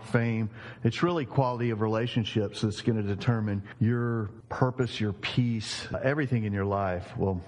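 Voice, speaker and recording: A man's voice: medium pitch, darkish tone. A male pastor preaching a sermon in an emphatic storytelling manner. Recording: long reverberant hall.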